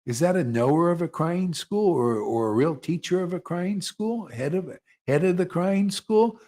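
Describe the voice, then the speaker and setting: A man leading an informal devotional gathering, who talks in a loose, animated way, breaks into chuckles and mocks other people in put-on voices. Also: high voice, normal speed. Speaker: spiritual teacher leading satsang.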